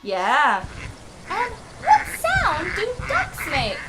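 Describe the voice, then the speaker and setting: A woman's voice: very high voice, wildly swooping pitch, extremely slow, noisy background. A woman teaching English to children, patient and encouraging, with playful animal sounds. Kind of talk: children's ESL lesson.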